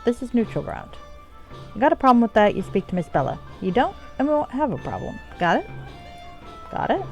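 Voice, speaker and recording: A woman's voice: a little high, wildly swooping pitch, fairly quick, creaky, faint music behind, voice pushed up, exaggerated voice, rough recording. A woman voicing a blunt, threatening male brothel doorman, reading game dialogue aloud in a pushy tone. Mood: menacing. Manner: pushy and menacing.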